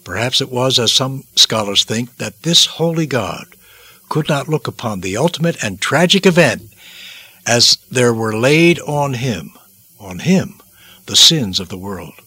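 A man's voice: mid-range voice, animated, a little slow, sharp tone, breathy edge, no echo. A man preaching a devotional sermon, dramatic and emphatic, repeating phrases for weight.

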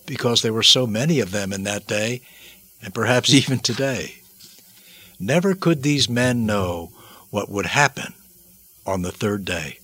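Husky man preaching dramatically. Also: fairly low pitch, animated, a little slow, pauses often, dry recording. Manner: solemn, theatrical, with sweeping swings in loudness. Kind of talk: dramatic sermon narration.

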